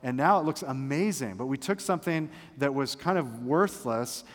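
A man's voice: mid-range voice, animated, normal speed. A male pastor preaching a sermon, fervent and emphatic, with humorous asides. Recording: long reverb of a large hall.

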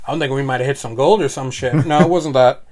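A man's voice: medium pitch, quick pace, a little mellow. Casting: male podcast co-host, Massachusetts accent, swears freely, teasing banter. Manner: profane, joking, teasing.

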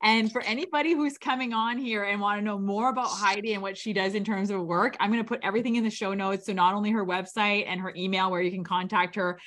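A woman's voice: mid-range voice, fairly even intonation, quick pace, few pauses. A woman podcast host with a mid-range voice, affirming and summing up her guest's ideas in an interview. She steers the conversation toward wrapping up. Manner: warm praise, affirming.

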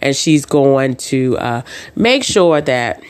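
Podcast host, woman with a deep speaking voice; chatty storyteller who acts out dialogue, many ums and uhs. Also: big pitch swings, takes it slowly. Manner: says "um" and "uh" often. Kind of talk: casual chat.

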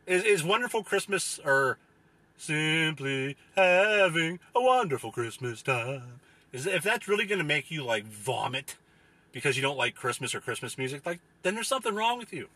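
A young man ranting casually with profane, rambling talk and many fillers, sometimes mocking people in a whiny high voice. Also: big pitch swings, normal speed, pushed and bright, breathy edge, no echo. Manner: mocks others in a whiny falsetto.

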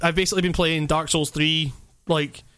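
Podcast host, male, bright upper-leaning voice, loose rambling delivery full of fillers and cursing. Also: on the high side, moderate pace, clear, resonant tone. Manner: rambling, lots of fillers and swearing; animated, laughing. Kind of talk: casual chat.

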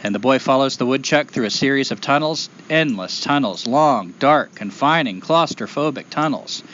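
A male storyteller tells a traditional folktale aloud, building rhythm through repeated phrases. His voice is mid-pitched and expressive. The recording is a little dull, with a faint hiss beneath. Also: normal speed.

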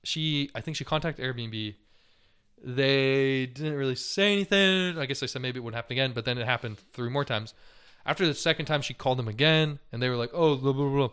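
A man's voice: mid-range voice, fairly quick, bright, forceful tone, clean tone. A young man co-hosting a casual podcast, retelling news stories in a loose, chatty way, with lots of "like" and "dude" and frequent laughter. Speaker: podcast co-host.

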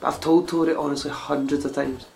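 A man's voice: fairly high pitch, little pitch movement, brisk, creaky, soft background music. A young man, co-hosting a podcast in casual, blunt and sweary chat. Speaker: podcast co-host.

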